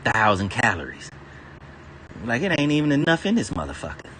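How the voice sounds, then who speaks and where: Racing along with a voice on the high side and wildly swooping pitch, a man rants casually on his stream over slight background noise. He curses nonstop, laughs now and then between lines, and rambles off in whatever direction strikes him.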